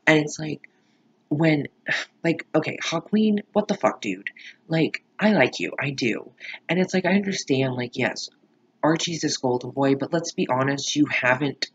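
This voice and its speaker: A man's voice: on the high side, animated, unhurried, fairly bright tone, husky, lo-fi sound. A man giving a rambling, profane, emphatic reaction commentary on a TV episode. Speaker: show reaction vlogger.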